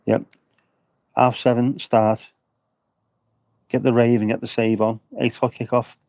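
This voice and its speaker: A man's voice: mid-range voice, flat delivery, unhurried, a little mellow, no echo. A man livestreaming from an outdoor air show, rambling and joking with his chat. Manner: jokey, rambling banter with chat.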